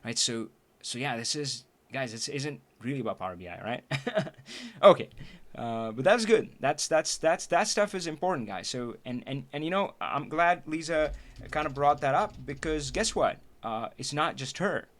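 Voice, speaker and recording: A man talks to his livestream audience in an earnest, searching way. His voice is growing hoarse, and he keeps restarting sentences and breaking into quick laughs as he thinks aloud. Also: mid-range voice, animated, fairly bright tone. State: losing his voice. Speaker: livestream trainer and host. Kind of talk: casual livestream talk to viewers. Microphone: streaming setup.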